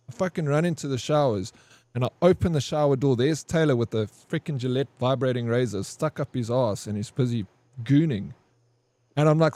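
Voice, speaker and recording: A man chatting casually while he plays a game, wandering through a long story and dropping curses and "bro" at every turn. His voice is mellow and dark, and it sounds dry and close with no room echo. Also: medium pitch, moderate pace. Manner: rambling, profane, says "bro" a lot. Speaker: game streamer. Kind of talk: casual storytelling over gameplay.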